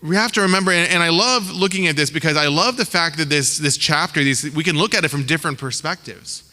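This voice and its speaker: A slightly high, pushed, bright male voice moves at a quick pace through a sermon, echoing with long hall reverb in the church sanctuary. The pastor stays conversational and slangy, acting out the voices in his quotes.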